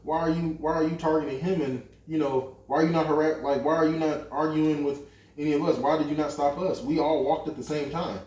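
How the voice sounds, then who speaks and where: With a fairly high pitch and a slightly fast delivery, a young co-host shares a drawn-out personal anecdote among friends. His casual storytelling is profane and energetic, packed with quoted dialogue as he impersonates the people in it. The recording is echoey, with the mic far away.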